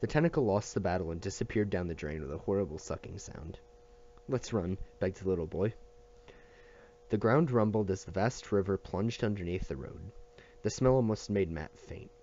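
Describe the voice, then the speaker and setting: Low, dark-voiced man reading a novel. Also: normal speed, muffled recording, slight background noise. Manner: steady reading with small restarts and slips. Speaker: audiobook reader.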